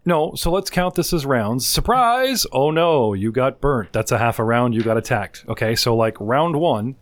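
A man running a tabletop game as game master over a video call, chatty and quick to laugh, narrating with playful sound effects. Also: medium pitch. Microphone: video call mic.

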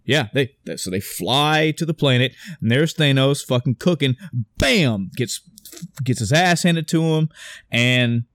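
A man's voice: mid-range voice, a little slow, no echo. Young guy hyped recapping a movie, swears a lot, dry mic, mid voice. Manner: animated retelling with swearing and acted quotes. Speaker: podcast co-host discussing a movie. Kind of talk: casual chat.

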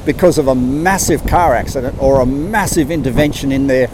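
A man's voice: medium pitch, a little fast, noisy background. An older man gives an earnest, rambling motivational talk as a life coach, restarting his sentences and acting out little quotes. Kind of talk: motivational monologue.

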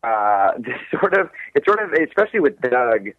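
A man's voice: mid-range voice, very animated, normal speed, dry recording, phone-quality sound. A man who does stand-up comedy, talking casually in an interview, rambling, swearing and often laughing.

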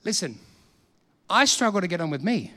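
An Australian man in his fifties preaching a sermon, telling stories with animated, punchy repetition. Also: sits high, moderate pace, long reverb tail. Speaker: pastor.

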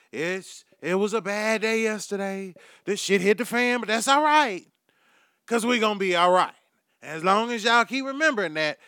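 Animated, profane podcast host man. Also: sits high, clear, resonant tone, no room sound, studio quality. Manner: profane, animated, swings loud and quiet. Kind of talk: casual comedic monologue.

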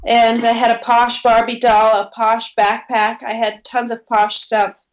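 A woman with a fairly high voice chats in a bubbly, animated way. She talks casually as a co-host. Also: measured pace. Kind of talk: casual chat.

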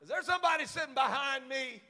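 A man pastor preaching a sermon, swinging from hushed asides to shouted, fiery passages. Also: extremely high pitch, quick pace, in a large hall.

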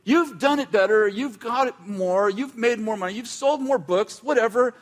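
A man's voice: very high-pitched, normal speed. A man preaching in a casual, conversational style, often breaking off mid-sentence and adding wry asides. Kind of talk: conversational sermon.

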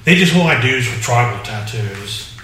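A man chats as co-host of a loose podcast, halting and restarting often, his voice bright and clear. He sounds set back from the mic in a very echoey room. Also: mid-range voice, animated, distant mic, a little hiss or hum. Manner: halting, many fillers and restarts. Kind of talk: casual chat.

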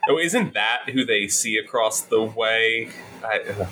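A man's voice: on the low side, unhurried, over music, low-quality recording. A man guesting on a podcast, talking casually in a hesitant, stumbling, self-mocking way. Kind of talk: casual chat.

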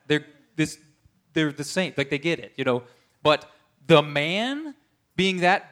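A man's voice: a little high, expressive, slow pace, long pauses, a bit bright. A man preaching a conversational sermon, earnest, often checking in with his listeners.

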